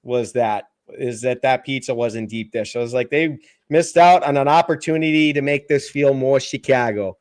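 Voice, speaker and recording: A man's voice: medium pitch, normal speed, hardly any pauses, darkish tone. A man co-hosting a casual review chat, talking bluntly and swearing offhandedly. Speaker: podcast co-host.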